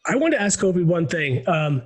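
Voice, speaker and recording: A man's voice: high-pitched, big pitch swings, measured pace. A man co-hosting a podcast, who talks casually and rambles, restarting his sentences often. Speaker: podcast co-host. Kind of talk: casual interview chat.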